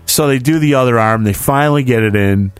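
A man telling a story in casual chat, animated and swearing freely, acting out what others said. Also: medium pitch, brisk, clean tone, no echo, faint music behind. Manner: animated, acts out quoted voices, swears freely.

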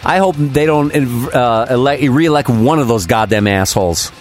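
A man's voice: mid-range voice, normal speed, soft background music. A man in casual chat, ranting about politics with blunt swearing. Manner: ranting, profane, lively.

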